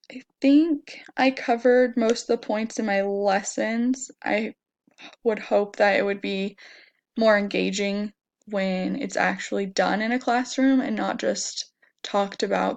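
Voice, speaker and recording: A young woman walks through a lesson plan at an unhurried pace, her voice somewhat crackly. She talks in a hesitant way, pausing often and filling the gaps with fillers. Her pitch sits in the middle range. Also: vocal fry. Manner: hesitant, many ums. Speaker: student teacher presenting a lesson plan.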